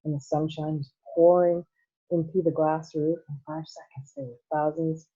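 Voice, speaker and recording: A woman teacher reading a children's novel aloud at a careful, measured pace, heard over a tinny phone-like line. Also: low voice, flat delivery, mellow, breathy edge.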